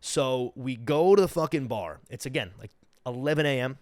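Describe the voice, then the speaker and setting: Young male podcast host, animated profane storyteller, dry close sound. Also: medium pitch, moderate pace, no room sound. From United States. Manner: animated, profane, acts out quoted people. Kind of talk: casual storytelling monologue.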